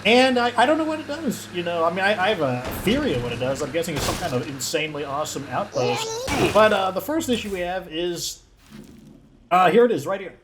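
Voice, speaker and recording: A man hosting a let's play, commenting in an excitable, rambling way and filling his talk with "like". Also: high voice, fairly quick, background noise. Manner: excitable, rambling, heavy use of "like". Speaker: gaming channel host.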